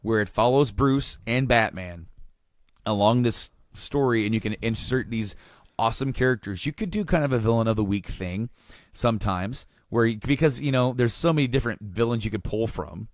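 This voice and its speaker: A man's voice: medium pitch, normal speed, no room sound, clean studio sound. A man hosting a podcast, recapping with rambling, enthusiastic casual chat and many restarts. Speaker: podcast host.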